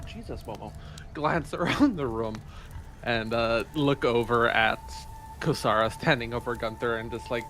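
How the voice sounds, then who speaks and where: A man's voice: mid-range voice, moderate pace, a bit bright, a little hiss or hum. A man describing his character in a tabletop game, hesitant and amused. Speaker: player.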